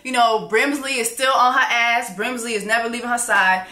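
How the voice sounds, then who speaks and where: A woman giving a casual, candid TV episode recap with frank, profane, animated storytelling. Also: fairly high pitch, moderate pace, echoey room. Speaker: TV recap vlogger.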